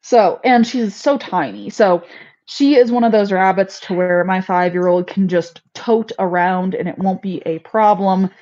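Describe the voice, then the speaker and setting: A woman's voice: mid-range voice, unhurried, warm tone. A woman hosting a casual homestead livestream, chatty and laughing at her own mishaps. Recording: slightly dull lo-fi audio.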